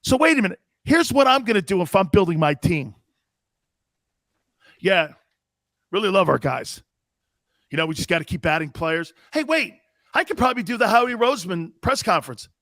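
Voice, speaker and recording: Brash, animated male sports-talk commentator with a high voice; punchy, rhetorical delivery. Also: moderate pace, pauses often, no echo, studio quality. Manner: animated, emphatic, rhetorical questions.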